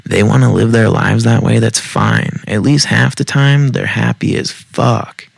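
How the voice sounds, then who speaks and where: A man's voice: on the low side, steady tone, a little slow, gravelly, no echo. A man hosting a casual storytime podcast, reading Reddit posts with wry, profane asides. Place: home basement.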